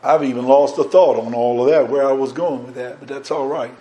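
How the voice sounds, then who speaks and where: A man preaching a sermon, swinging between loud, fervent passages and hushed ones. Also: medium pitch, steady tone, brisk.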